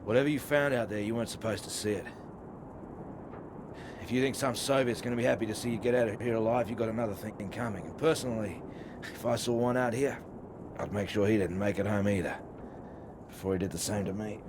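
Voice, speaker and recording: An actor playing a blunt, hard-drinking, injured male pilot, talking in a gruff, swearing way. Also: on the low side, brisk, natural voice. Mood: weary, grim. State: injured and weary. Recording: loud vehicle and wind noise.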